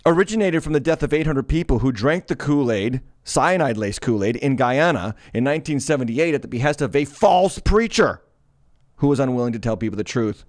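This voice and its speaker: A middle-aged man, a pastor hosting his own show, delivers preaching commentary in an emphatic, sarcastic, declamatory style. His mid-range voice is recorded at studio quality with no room sound.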